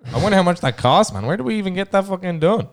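A man's voice: high-pitched, sing-song, racing, noisy background. A man bantering and teasing friends in casual, sweary chat.

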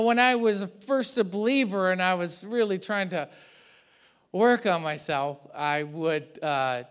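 A man preaching a church sermon, animated and joking, acting out little asides as he goes. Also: a little high. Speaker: pastor.

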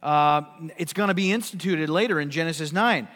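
A man's voice: fairly high pitch, brisk, a bit bright, long reverb tail. A man preaching a sermon, emphatic and full of rhetorical questions. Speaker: pastor.

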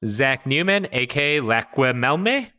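Bright, clear-voiced male podcast host. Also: medium pitch, big pitch swings, measured pace. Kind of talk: casual podcast chat.

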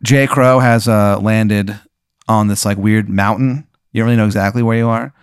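A man's voice: lowish voice, steady tone, normal speed, smooth, no room sound, clean studio sound. A man hosting a comedy talk, improvising a profane, rambling story and narrating it to his guest in the second person. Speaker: host.

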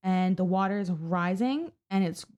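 Female podcast co-host, casual true-crime storyteller, salty and animated. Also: fairly low pitch, moderate pace, muffled recording. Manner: chatty, profane, acts out quotes.

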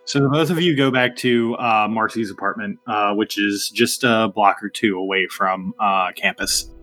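A man narrating a tabletop game as game master, chatty and relaxed, with many fillers. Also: on the low side, moderate pace, faint music behind.

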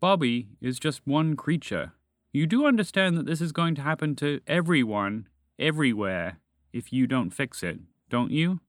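A man voicing a calm, matter-of-fact orange dragon with a gentle, shrugging manner in a storybook reading. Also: on the high side, moderate pace, dry recording, clean studio sound, close to an everyday voice.

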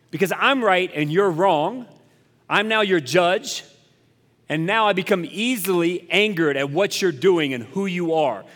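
A man's voice: a little high, fairly bright tone. A male pastor giving a conversational sermon, candid and self-deprecating, repeating phrases for emphasis. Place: church. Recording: echoey hall reverb.

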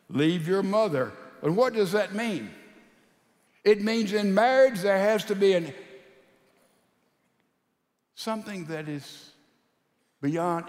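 A male preacher with a high voice delivers a sermon. He tells a story, his voice swinging from loud to hushed. Long reverb trails his words around a large hall.

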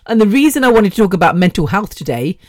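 A woman's voice: medium pitch, big pitch swings, quick pace, no room sound, clean studio sound. A woman in her fifties hosting a podcast alone, rambling and chatty with the odd swear word. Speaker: podcast host. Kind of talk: casual solo podcast chat.

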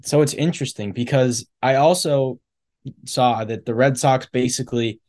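Low-key man co-hosting a chat. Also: moderate pace, a little mellow. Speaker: podcast co-host. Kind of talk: casual sports chat.

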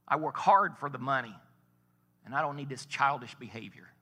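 A man's voice: mid-range voice, normal speed, sharp tone, long reverb tail. A man voicing a short-tempered, hardworking father in a sermon story. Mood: furious. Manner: stern, scolding.

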